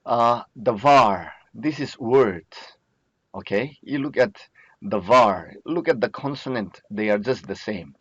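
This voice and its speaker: Man, teacher, very slow pace, patient and repetitive, dull lo-fi recording. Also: medium pitch, fairly bright tone, husky, dry recording. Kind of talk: recorded lecture.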